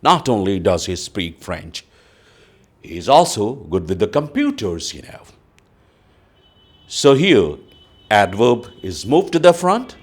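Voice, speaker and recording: This is a man giving a grammar lesson to students. His delivery is unhurried and his voice swings widely in pitch as he stresses example sentences. He sits a little low in pitch and keeps dropping in "you know". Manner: explaining slowly, says "you know" often, reads example sentences aloud. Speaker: English teacher.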